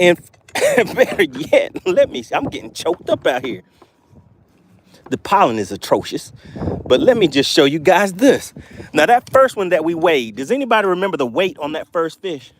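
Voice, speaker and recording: A man hosting a live fishing stream, exclaiming excitedly as he shows off his catch. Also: high-pitched, slight background noise. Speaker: fishing livestream host.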